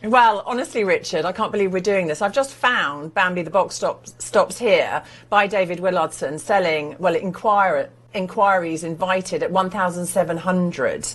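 A woman's voice: fairly low pitch, moderate pace, hardly any pauses. A woman presenting artwork for sale, describing it and urging viewers to buy with eager persuasion. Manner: enthusiastic persuasive selling. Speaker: art sales presenter. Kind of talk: TV sales pitch.

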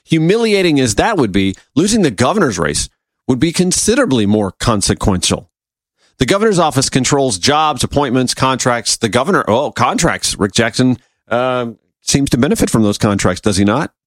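A man's voice: moderate pace, no echo. Sarcastic man hosting a talk show. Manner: sarcastic, animated asides with sudden pitch jumps. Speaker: radio talk show host. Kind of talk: political commentary, reading and reacting to a column.

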